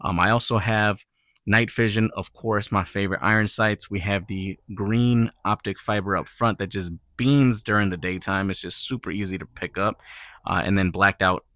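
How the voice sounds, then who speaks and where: A man's voice: on the low side, moderate pace, no room sound. A man hosting his own channel, talking casually through a gear review with lots of fillers and restarts. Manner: relaxed, rambling, filler-heavy. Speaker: gun channel host. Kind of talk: casual product review talk.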